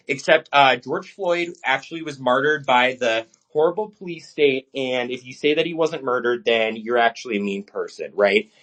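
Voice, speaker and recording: A man's voice: mid-range voice, a bit bright. A man co-hosting a casual podcast, ranting in a heated, blunt way.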